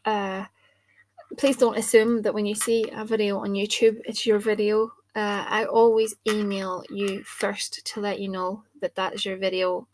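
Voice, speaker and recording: Flat-voiced woman chatting to camera. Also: mid-range voice, unhurried. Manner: chatty and informal, thinking aloud. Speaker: spell caster and card reader. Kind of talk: casual talk to camera. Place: indoors at a table. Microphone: camera mic.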